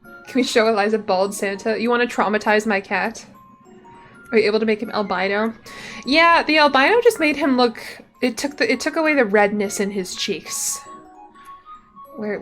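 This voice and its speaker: A woman streaming from her room at home, chatting playfully with her viewers and reading game text aloud into a desk mic. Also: medium pitch. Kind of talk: casual gameplay commentary.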